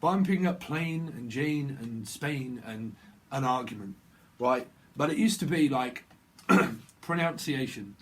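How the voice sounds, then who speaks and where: A man's voice: mid-range voice, lively intonation, unhurried. A man rambling through a channeled tarot reading, hopping between wordplay and chuckling at his own jokes. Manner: rambling free-association wordplay, laughing at himself. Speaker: tarot reader.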